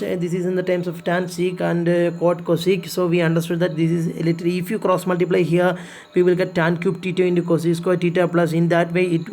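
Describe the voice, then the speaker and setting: A man's voice: high voice, a little mellow. A man teaching a recorded math lesson, explaining patiently step by step, repeating himself and pleading with students to practise.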